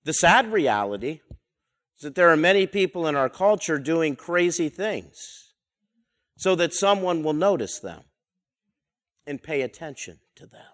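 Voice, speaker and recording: A Bible teacher with a slightly raised pitch and a fairly bright tone leads a study verse by verse, speaking conversationally. He's very animated yet unhurried, pausing often, posing rhetorical questions to his listeners, and returning to the same phrases repeatedly.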